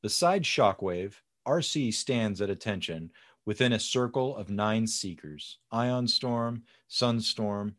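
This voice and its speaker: Man, script reader, comic panel descriptions, low voice, animated. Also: slow pace.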